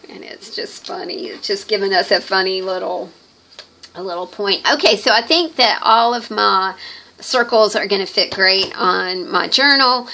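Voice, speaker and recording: A middle-aged woman chatting casually while crafting, rambling and hesitant with lots of pauses. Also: medium pitch, creaky, sharp tone, slight background noise, low-quality recording. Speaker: craft vlogger.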